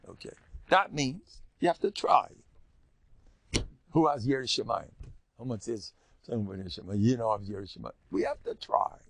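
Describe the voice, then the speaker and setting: A man's voice: medium pitch, wildly swooping pitch, normal speed, gravelly, pauses often, a bit bright, no echo. An older man, a rabbi giving a rambling, joking religious lecture and teasing his listeners.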